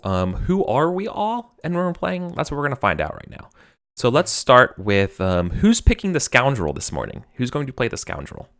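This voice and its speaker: An American man hosting a live tabletop game stream as game master, talking in a rambling, chatty way with frequent laughter. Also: fairly low pitch.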